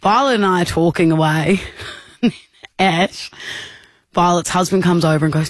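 A woman co-hosting a radio show, telling a story in an animated, giggly way. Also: on the low side, unhurried, pauses often, dry recording. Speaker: radio co-host. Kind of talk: casual radio banter. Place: radio studio.

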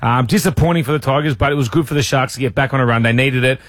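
A man's voice: medium pitch, racing, no room sound, studio quality. An Australian man co-hosting a radio show, telling cheeky stories in casual banter. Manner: cheeky, animated storyteller. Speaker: radio co-host, former footballer.

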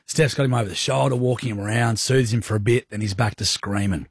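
Husky Australian radio host, dry sound. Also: male voice, fairly low pitch, quick pace, no room sound. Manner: rambling storyteller, self-deprecating and crude. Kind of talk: casual radio banter. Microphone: studio microphone.

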